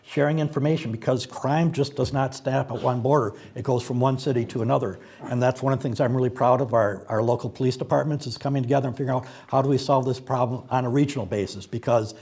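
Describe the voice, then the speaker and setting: A man answering as a candidate at a forum, earnest and steady. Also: medium pitch, quick pace, hardly any pauses, husky.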